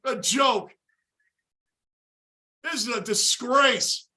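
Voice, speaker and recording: A man hosting a fan livestream, calling plays and ranting at his team in frustrated, shouted commentary. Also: extremely high pitch, very slow. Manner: frustrated, shouting play-by-play and rants. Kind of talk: live fan reaction commentary.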